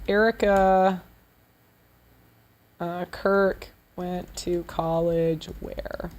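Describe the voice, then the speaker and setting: A woman's voice: fairly high pitch, animated, unhurried. A woman hosting a show, giving blunt, sarcastic and profane reaction commentary on clips. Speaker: show host.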